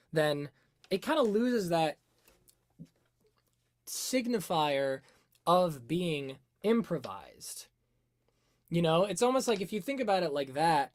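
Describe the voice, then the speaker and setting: A man hosting a music analysis livestream, thinking aloud, reading out chat and answering it, now and then humming a melody. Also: fairly high pitch. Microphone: webcam setup.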